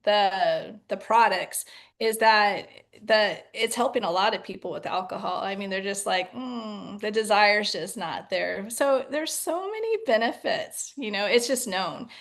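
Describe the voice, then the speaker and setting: A woman on a video call, coaching her team in an enthusiastic, casual way. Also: medium pitch. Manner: enthusiastic, quick bursts of excitement.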